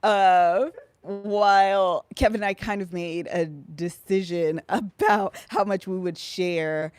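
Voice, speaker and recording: A woman's voice: medium pitch, steady tone, takes it slowly, clear, resonant tone, no room sound. Chatty woman podcast co-host. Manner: chatty, loose and informal. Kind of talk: casual live-stream chat.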